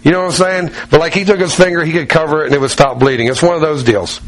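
A middle-aged pastor preaching a sermon in a conversational style, using anecdotes, repetition and direct questions to the congregation. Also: male voice, on the high side, fairly even intonation, very fast, rough recording.

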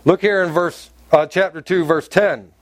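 A man preaching a sermon as pastor, animated and storytelling, laughing often. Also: high-pitched, moderate pace, no room sound.

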